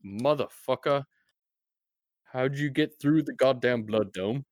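A man voicing a gruff, foul-mouthed male gate guard who swears and shouts down from a wall. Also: on the low side, normal speed, no echo, studio quality, lightly acted. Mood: hostile shout.

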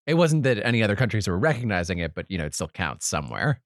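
Casting: low-voiced tabletop player, fast and lively, dry close sound. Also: dry recording. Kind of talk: casual tabletop play.

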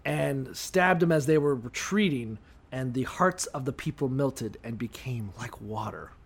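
A man's voice: mid-range voice, measured pace, creaky, slightly rough. A man co-hosting a comedy podcast, reading scripture aloud and joking irreverently with plenty of swearing. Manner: profane, joking, animated. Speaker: podcast co-host.

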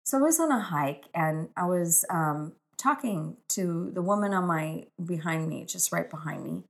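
A woman's voice: fairly low pitch, lively intonation, moderate pace, gravelly. A middle-aged woman, an author, telling inspirational stories in an earnest, emphatic way, piling up repeated phrases. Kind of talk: inspirational storytelling monologue.

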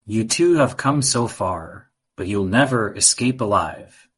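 A man's voice: lowish voice, animated, measured pace, breathy edge. A man voicing a sinister male wizard villain in a storybook, gloating and taunting.

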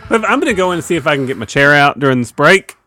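Lively laughing man on radio. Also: fairly high pitch, racing, faint music behind. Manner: laughing, easygoing sidekick. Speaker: radio show co-host. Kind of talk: radio banter.

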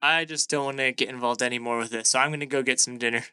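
A young man playing his character in a tabletop game, dry-humored and lively. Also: mid-range voice, fast, clear, resonant tone. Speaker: player. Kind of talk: tabletop role-play.

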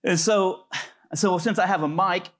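Man, pastor, conversational sermon, slightly high voice, lots of fillers. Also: measured pace, fairly bright tone. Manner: conversational storytelling with many fillers.

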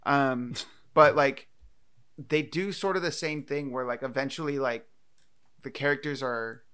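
A man's voice: mid-range voice, fairly bright tone. A man co-hosting a podcast, chatting loosely about films, joking and swearing as he goes. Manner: loose and jokey, swears, laughs easily. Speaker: podcast co-host. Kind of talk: casual movie discussion.

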